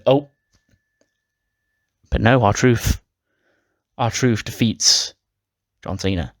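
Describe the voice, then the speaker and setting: A man casually recapping a wrestling game playthrough, swearing now and then and acting out the characters' lines. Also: lowish voice. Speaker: game commentator. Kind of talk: casual let's-play recap.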